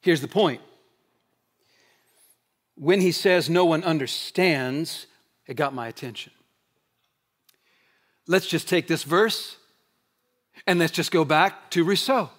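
A man's voice: takes it slowly, long pauses. Preacher man with a raised, emphatic delivery. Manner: emphatic repeated rhetorical questions; shifts between loud proclaiming and low quiet stretches. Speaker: pastor. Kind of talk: sermon.

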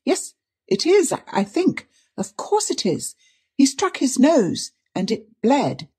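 A woman's voice: low-pitched, lively intonation, a little slow, darkish tone, husky, heavily acted. A woman reader voicing a distraught young woman who speaks faintly and stammers through tears. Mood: stammering. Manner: stammering, tearful pleading.

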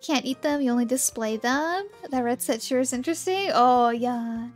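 A woman's voice: sits high, normal speed, soft background music. A young woman streaming a game, chatting casually and bubbly with viewers, often giggling. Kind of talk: casual game livestream chat.

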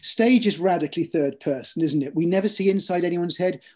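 This male author's voice is gentle and mellow, sitting slightly high, as he gives a thoughtful interview. His storytelling is deliberate, though he often starts over, stumbling into ums and doubled words.

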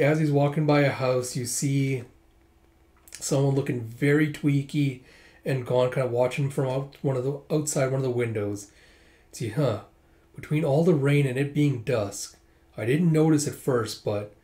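A man talks his way through a manga volume in a relaxed, casual way, describing what happens in each panel. He slips into the characters' lines as he goes, with short asides in between. His voice sits at an ordinary middle pitch. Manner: reads panels aloud, voicing characters lightly with "it's like" asides. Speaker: manga reader. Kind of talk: casual manga readthrough narration.

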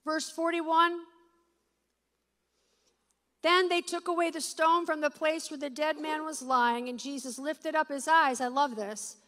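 A woman preaches to a live congregation in a high, sharp, bright voice. She reads scripture aloud and keeps checking in with her listeners, then rises to loud, emphatic declarations. Her voice carries a long reverb from a large hall. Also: steady tone, unhurried. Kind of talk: sermon with scripture reading. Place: church or meeting hall with an audience.

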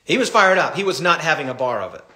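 A middle-aged man, a pastor, teaching a Bible study in an animated, impassioned way. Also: a little high, fast talker, roomy sound.

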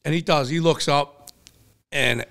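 A middle-aged man with a Philadelphia accent, co-hosting a podcast and telling a long story in casual, swearing chat, acting out shouted quotes. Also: on the high side, unhurried. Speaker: podcast co-host.

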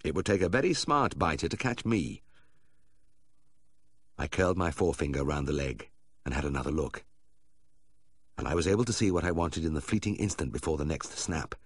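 Brief: male audiobook narrator, very low voice, close dry sound, wry delivery. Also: expressive, fairly quick, pauses often, husky, no echo. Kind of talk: scripted narration.

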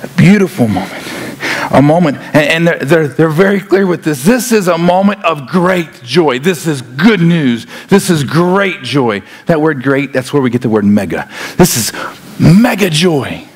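A male pastor preaching a sermon, animated and often repeating words as he acts out scenes. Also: a little high, moderate pace.

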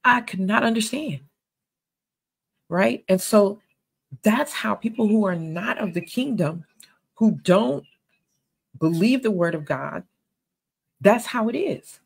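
A woman's voice: medium pitch, animated, takes it slowly, vocal fry, pauses often, husky, low-quality recording. A woman giving a sermon-style Bible teaching, earnest and conversational, with emphatic stresses.

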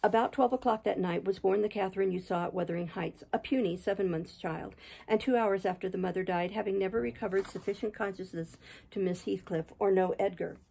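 A woman reading a classic novel aloud in a steady, measured manner. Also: mid-range voice, vocal fry, slightly rough, rough recording. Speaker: reader, channel host. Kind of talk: audiobook reading.

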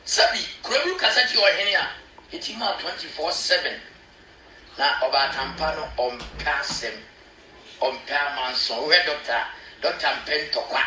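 A Ghanaian man with a high, very bright voice explains local custom with lively asides. His voice rings in a roomy, echoey space. A faint noise sits behind him. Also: measured pace, recorded from a distance. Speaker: chief's spokesman. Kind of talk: explaining to a local news camera.

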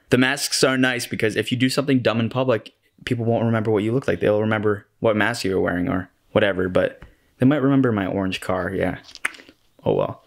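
A man's voice: fairly low pitch, gravelly. A young man from Michigan, a vlogger and actor, chatting casually to camera in a self-deprecating way and laughing often. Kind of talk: casual vlog chat to camera.

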